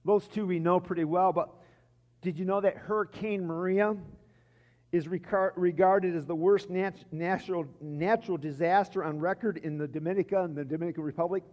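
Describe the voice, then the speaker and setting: A high-voiced man preaches a sermon, telling his stories in bursts and often restarting his phrases. His voice rings out through a church sanctuary with a long, lingering reverb. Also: steady tone, moderate pace, dull audio. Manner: storytelling with frequent restarts. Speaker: pastor.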